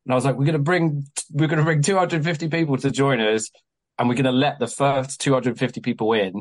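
A young man on a podcast telling a long story in a casual, animated way, swearing often and acting out what people said to him. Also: mid-range voice, quick pace, rough recording. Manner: animated, swears a lot, acts out quoted exchanges. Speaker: guest, venue promoter.

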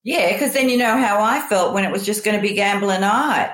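A woman's voice: mid-range voice, brisk, a bit bright. A woman with a mid-range voice speaks in a casual chat. She sounds emotional and gushing, and the room around her is echoey. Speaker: podcast co-host.

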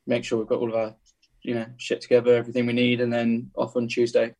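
A young man, a guest musician, chatting casually from home in a relaxed, easygoing way. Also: mid-range voice, fast talker. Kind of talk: casual chat.

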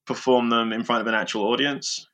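Guest, male improviser, thoughtful, halting delivery, average pitch. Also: level tone, a bit bright. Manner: reflective, explains step by step with many fillers. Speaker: improviser and impressionist. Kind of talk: casual interview talk.

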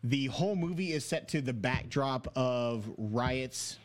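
A man's voice: medium pitch, unhurried. A man co-hosting a casual podcast chat, rambling and swearing freely with frequent fillers. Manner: rambling, profane, laughs often. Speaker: podcast co-host.

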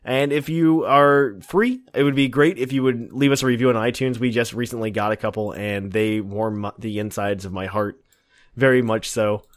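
A young man hosts a casual podcast, reading emails and signing off in an easygoing way. His voice sits at a middle pitch and comes across plain and unhurried, with frequent "uh"s and "um"s. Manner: relaxed, with lots of fillers, laughing easily. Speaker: podcast host.

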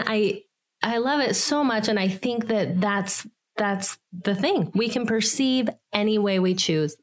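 Upbeat woman hosting a podcast, chatty and encouraging. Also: medium pitch. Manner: warm, affirming, enthusiastic. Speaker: podcast host. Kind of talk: casual chat.

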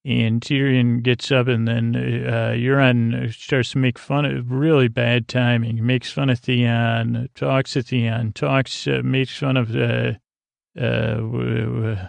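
Flat, gravelly man rambling a recap. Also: medium pitch, slow pace, no room sound. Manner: rambling, many uh fillers, flat drowsy delivery. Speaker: podcast host recapping a TV episode. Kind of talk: casual sleepy recap.

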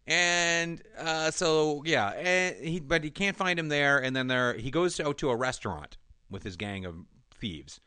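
A man in casual chat, animatedly retelling a movie plot with lots of laughter and deadpan quoted lines. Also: fairly high pitch, unhurried, smooth, no room sound.

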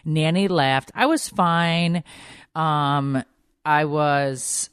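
A woman's voice: deep voice, extremely slow, clear, resonant tone, dry recording, studio quality. A woman in her thirties hosting a casual chat show, talking candidly and rambling, with plenty of swearing and filler words. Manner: candid, rambling, swears freely, heavy use of "like". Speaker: podcast host.

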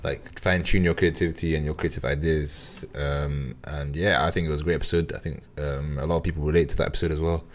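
Man, very low voice, podcast host, casual chat, laid-back, halting. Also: flat delivery. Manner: laid-back, hesitant with many ums.

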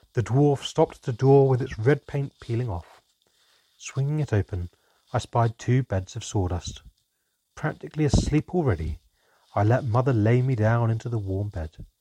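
Male audiobook narrator, mellow and husky, steady fantasy reading. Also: mid-range voice, normal speed, no echo.

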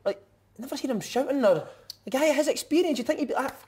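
A man's voice: very high voice, animated, fast talker, darkish tone. A Scottish man hosting a casual football chat and teasing the other speakers with questions. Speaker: podcast host.

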